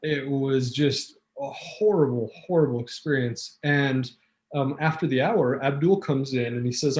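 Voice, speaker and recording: A man's voice: mid-range voice, measured pace. A man telling a vivid personal story as a talk show guest, acting out quotes, with fillers and restarts. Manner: animated storyteller, acts out quotes.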